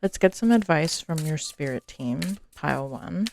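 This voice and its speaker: A woman's voice: deep voice, expressive, unhurried, creaky, a little mellow, slight background noise. A woman giving a casual, chatty tarot reading to her viewers, full of fillers and the odd swear word. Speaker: tarot reader.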